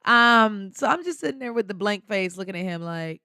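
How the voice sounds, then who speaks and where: A woman hosting a podcast, telling a personal story in an animated, slangy way and laughing often. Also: mid-range voice, brisk, few pauses, clean tone, no echo, clean studio sound. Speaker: podcast host. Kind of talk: casual storytelling.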